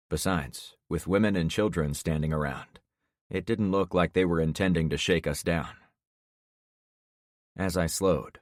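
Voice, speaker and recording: Deep-voiced male audiobook narrator. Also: no echo, studio quality. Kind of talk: scripted first-person narration.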